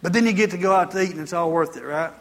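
A man's voice: sits high, racing, gravelly, fairly bright tone, long reverb tail. A male pastor preaching a sermon in a folksy, chatty storytelling way, full of asides.

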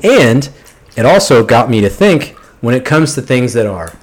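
Animated opinionated male podcast host. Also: mid-range voice, normal speed. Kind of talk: casual podcast chat.

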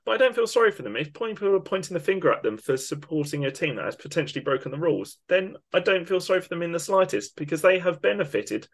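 A man's voice: fairly high pitch, big pitch swings, fast, hardly any pauses. A man co-hosting a football podcast, ranting with emphatic indignation. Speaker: podcast co-host. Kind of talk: opinionated football podcast rant.

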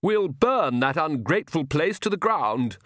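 A man's voice: high voice, wildly swooping pitch, moderate pace, no echo, clean studio sound, voice pushed up. A man voicing a fussy, fretful female vampire countess who tries to placate her family.

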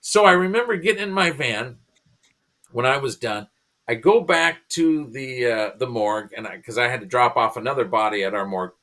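Man, 50s, pastor-comedian guest; bright tone, animated storyteller who restarts his sentences. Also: mid-range voice, moderate pace. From United States. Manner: animated, restarts and repeats words. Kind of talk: conversational storytelling.

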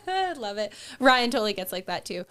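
A woman co-hosting a casual podcast, animated and teasing, who laughs a lot. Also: mid-range voice, fairly quick, smooth. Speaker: podcast co-host. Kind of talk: casual chat.

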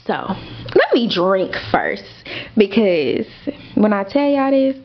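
A woman's voice: mid-range voice, slow, highs cut off. A young woman hosting a podcast, telling a story casually with lots of fillers and swearing. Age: young adult. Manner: animated, swearing, rambling with fillers. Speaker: podcast host.

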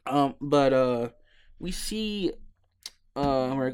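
A drowsy young man rambles through a video game story at an unhurried pace. He keeps stopping for ums and uhs and swears casually. His voice is smooth and clear. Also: mid-range voice, lively intonation. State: sleepy, yawning. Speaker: podcast host.

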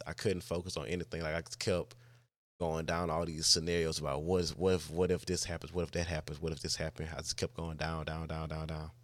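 A man's voice: sits low, dry recording. A man hosting a podcast, telling a personal story in a casual, rambling way with lots of "like" and restarts. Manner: rambling, heavy use of "like", frequent restarts. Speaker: podcast host.

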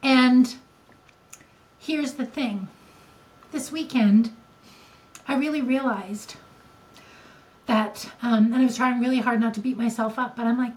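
A woman's voice: a little high, moderate pace, long pauses, darkish tone, low-quality recording. An older woman co-hosting a podcast, talking candidly and emotionally in casual conversation, with frequent restarts. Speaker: podcast co-host.

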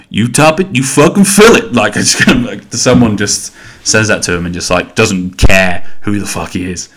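A man's voice: sits low, a bit bright. A man in his thirties hosting a solo podcast, rambling casually and swearing as he goes. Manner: rambling, sweary, self-interrupting. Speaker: podcast host.

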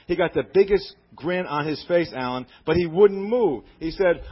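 A man's voice: a little high, moderate pace, hardly any pauses. A man preaching on the radio, reading a letter aloud in an earnest, fervent, praising manner. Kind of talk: sermon reading a listener's letter. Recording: dull lo-fi radio broadcast.

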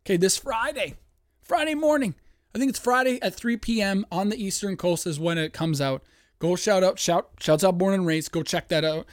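A man hosting a sports-betting podcast from home, hyped and profane, breaking into yelling on a close mic. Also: high-pitched, no echo. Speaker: podcast host. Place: home studio, dogs nearby.

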